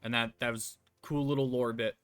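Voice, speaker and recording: A man's voice: mid-range voice, steady tone, fairly quick, fairly bright tone, clear, resonant tone, no echo, soft background music. A man streaming a game, chatting casually and rambling with many fillers. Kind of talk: casual gameplay chat.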